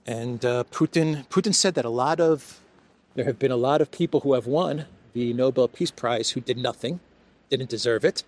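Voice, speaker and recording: Guy rambling and mocking politics while wandering a food court, phone mic, normal pitch. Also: moderate pace, a little mellow. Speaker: political commentator. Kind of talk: casual walk-and-talk vlog. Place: indoor mall food court.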